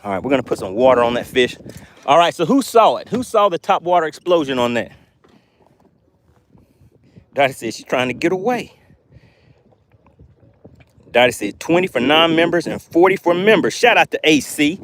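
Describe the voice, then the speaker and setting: A man hosting a live fishing stream from a boat, excitedly commenting and reading chat messages aloud. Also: on the high side, moderate pace, long pauses, slight background noise. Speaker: fishing livestream host.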